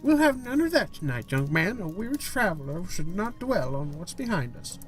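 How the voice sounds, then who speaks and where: A frail, loving old grandmother with a Scottish lilt, as a man puts her on, her voice lifted high and slow. Her tone swings and wavers with gentle warmth as she speaks. A text-game figure told aloud by a player reading the scenes. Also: very animated, faint music behind. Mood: gently wise. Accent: attempted Scottish. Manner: slow, tender, high put-on voice. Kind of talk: voicing a character in a text game.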